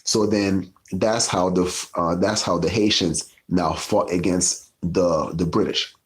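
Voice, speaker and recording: A man's voice: sits low, fairly even intonation, measured pace. A man hosting a casual history talk, telling it loosely with asides and swearing. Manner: loose, profane, storytelling with asides. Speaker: podcast host.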